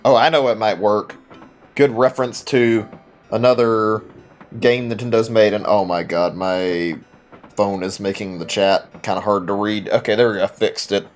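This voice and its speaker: A man's voice: fairly low pitch, steady tone, moderate pace. A man streaming a video game, rambling and muttering to himself in casual commentary. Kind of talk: casual let's-play commentary.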